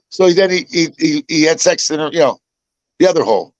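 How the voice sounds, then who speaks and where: An older man from Chicago hosts a casual chat, telling stories that ramble and circle back with many restarts. His voice sits a little high. The sound is close and dry. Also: animated, quick pace, no room sound, lo-fi sound. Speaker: podcast host.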